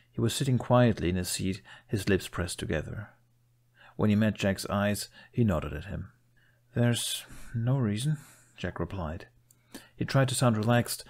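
A man reading a fan fiction story aloud as narrator, in a steady, even manner. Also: lowish voice. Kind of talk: audiobook narration.

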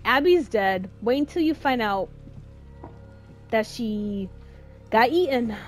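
A woman narrates her own gameplay in a loose, talkative way. She reacts out loud to what happens and swears now and then. Her voice is a bit high and her pace is slow and unhurried. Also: lively intonation, faint music behind, rough recording. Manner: chatty, reactive, swears casually. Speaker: gameplay streamer. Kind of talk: let's-play commentary.

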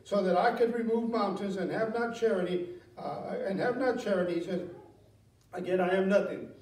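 High-voiced man preaching in an echoey church. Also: darkish tone. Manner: conversational preaching, reads scripture aloud, asks the congregation questions; chuckles often, many fillers and self-corrections. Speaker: pastor. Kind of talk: sermon. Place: church sanctuary. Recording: echoey room, voice from a distance.

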